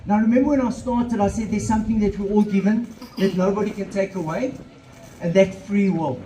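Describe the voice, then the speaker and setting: A South African man gives an earnest motivational talk at an outdoor event through a handheld microphone, slipping in Afrikaans phrases. His voice is high-pitched, warm and brisk, with fairly even intonation. The low-quality recording has an echoey room sound and slight background noise.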